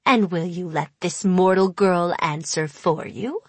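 A woman's voice: lowish voice, husky, dry recording. Woman voicing an ancient purring hag. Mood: cold. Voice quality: purring, whispery. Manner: sly, deliberate, cold. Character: ancient sly female hag, cold and menacing. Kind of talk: audiobook character voice.

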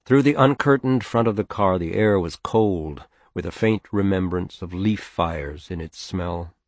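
A man reading a novel aloud in a measured, steady audiobook narration. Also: low-pitched, no echo.

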